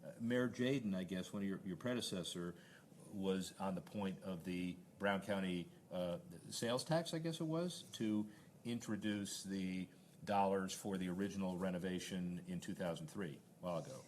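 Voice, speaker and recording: A man's voice: low-pitched, expressive, normal speed, a little mellow, slight background noise. A man hosting a conversational interview, explaining his points at length with frequent restarts. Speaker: sports business interviewer.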